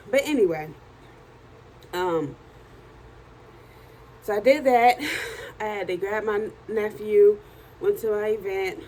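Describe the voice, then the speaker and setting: Hoarse, tired woman telling her day. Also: mid-range voice, slow pace, long pauses, slight background noise, low-quality recording. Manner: chatty, animated storytelling. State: hoarse, worn-out voice. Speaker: vlogger and journal author. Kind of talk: casual video diary.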